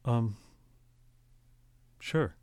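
A man's voice: very slow, a little mellow, dry recording. A man voicing a confused man who does not know where he is. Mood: uncertain. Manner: uncertain, hesitant. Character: confused adult man, Frank.

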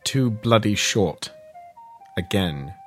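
An older man with a British accent plays a fastidious elderly enforcer, speaking in a dry, precise way. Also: lowish voice, animated, faint music behind. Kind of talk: audio drama acting.

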